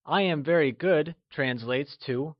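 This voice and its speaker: A man narrating a scripted language lesson, slow and encouraging, with deliberate explanations. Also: on the high side, no echo, muffled recording. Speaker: language teacher.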